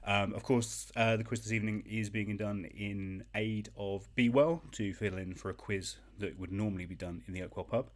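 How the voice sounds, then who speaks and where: A man hosting a relaxed online quiz from home, his voice sitting fairly low. He talks in a chatty, self-deprecating way, full of ums and little asides. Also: normal speed, few pauses. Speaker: quiz host.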